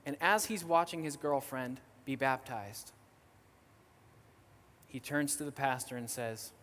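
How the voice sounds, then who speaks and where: A young man, a missionary guest speaker, tells a story in a sermon, lively and casual with frequent fillers. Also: medium pitch, measured pace, big-room sound. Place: church sanctuary.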